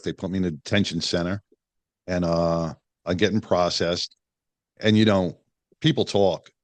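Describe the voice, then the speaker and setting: A man's voice: deep voice, no room sound. A middle-aged man, a podcast guest and retired police detective, telling a story bluntly and profanely, with many restarts and acted-out quotes. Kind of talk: candid storytelling in a podcast interview.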